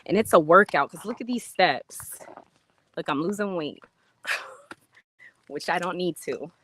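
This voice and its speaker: Woman vlogger, low-ish and unhurried, casual slangy live-stream chat to her viewers. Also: expressive, a bit bright. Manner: chatty, addresses viewers, drops into slangy speech. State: out of breath from climbing stairs. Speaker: vlogger touring a rental villa.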